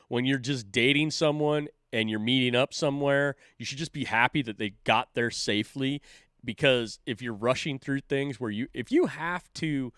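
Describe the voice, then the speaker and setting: A man's voice: mid-range voice, a bit bright, no room sound, studio quality. A man hosting a stream, reacting to clips with loose, sarcastic, swearing commentary. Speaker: stream host.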